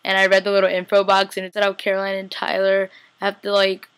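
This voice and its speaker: A woman's voice: mid-range voice, completely flat delivery, fast talker, fairly bright tone, clear, resonant tone. A young woman casually recapping a TV episode, chatty and slangy, acting out the characters' lines. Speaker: TV recap vlogger.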